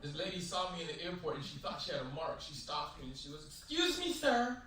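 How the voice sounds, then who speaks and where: A man performing a stand-up comedy set on stage, animated, acting out voices and shouting his punchlines. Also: on the high side, quick pace, recorded from a distance. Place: large hotel ballroom, stage. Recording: loud echoey ballroom, heavy noise.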